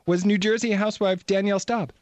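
A man's voice: high voice, steady tone, fast, darkish tone, no echo. A middle-aged man hosting a talk show, chatting casually and laughing often. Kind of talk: casual chat.

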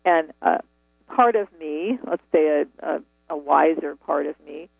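Woman author on phone interview, earnest, reflective, gravelly voice, tinny phone line. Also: deep voice, unhurried, dry recording. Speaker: author and guest.

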